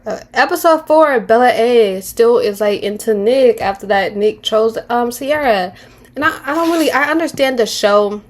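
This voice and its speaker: Chatty 20s woman ranting about reality tv, slangy and blunt, lots of restarts, voice a bit on the high side. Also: animated, moderate pace. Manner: candid and slangy, drops into mocking impressions; rambling with frequent restarts. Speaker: reality-show commentator. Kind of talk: casual reality-show commentary.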